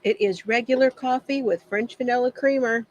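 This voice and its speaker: A woman's voice: a little high, moderate pace, a little mellow, muffled recording. A woman hosting a casual craft livestream from her home shed, greeting viewers by name, chatty and often laughing.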